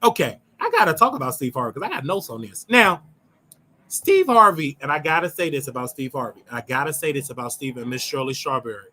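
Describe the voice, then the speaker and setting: A man's voice: mid-range voice, very animated, a little fast, sharp tone. An older man hosting his own show, giving a brash, scolding commentary monologue and drawing out words for emphasis. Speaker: show host.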